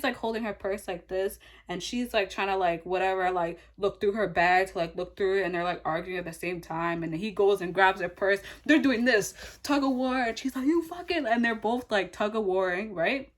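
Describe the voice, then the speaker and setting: A young adult woman vlogger telling a story in casual chat, rambling and animated, full of fillers and swearing. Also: mid-range voice.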